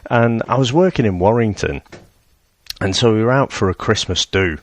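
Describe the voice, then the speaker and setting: A man co-hosting a podcast in casual chat, telling a story in a measured, self-deprecating way. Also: lowish voice, animated, dry recording. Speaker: podcast co-host.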